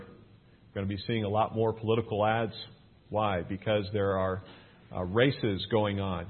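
Pastor, male, low-ish husky voice, relaxed preaching that rises to emphatic points, lo-fi phone-band audio. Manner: plain, conversational preaching that builds to emphatic points. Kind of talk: conversational sermon. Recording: thin phone-like sound.

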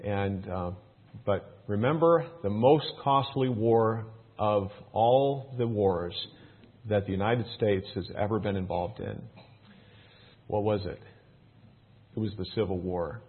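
A man teaching a Bible passage, reading the verses aloud with lifted emphasis, then explaining them in a relaxed, folksy way with plenty of fillers. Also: lowish voice, takes it slowly, breathy edge. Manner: reads scripture louder and more raised, explains in a relaxed folksy way with fillers. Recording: tinny phone-like sound.

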